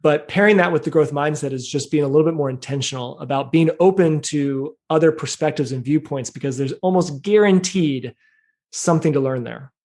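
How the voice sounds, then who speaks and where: A man in his thirties, a podcast guest, talking in a thoughtful, measured way with plenty of fillers. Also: on the high side, darkish tone. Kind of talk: casual interview talk.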